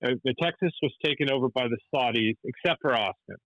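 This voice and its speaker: A man's voice: medium pitch, fast talker, fairly bright tone, no echo, lo-fi sound. A man as a podcast guest, telling stories casually with lots of restarts and checks for agreement. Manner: rambling, many restarts and "right?" checks. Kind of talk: casual storytelling.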